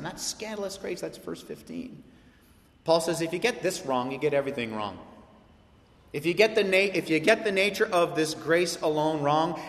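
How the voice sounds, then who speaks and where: A man's voice: fairly high pitch, fairly bright tone. A man preaching a sermon as a pastor, passionate and emphatic, acting out quoted voices. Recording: echoey hall with long reverb.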